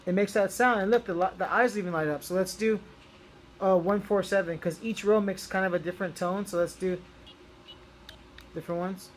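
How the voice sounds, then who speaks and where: A man's voice: high voice, fairly even intonation, brisk, slight background noise. A young man chatting casually through a toy review, rambling with lots of ums and restarts.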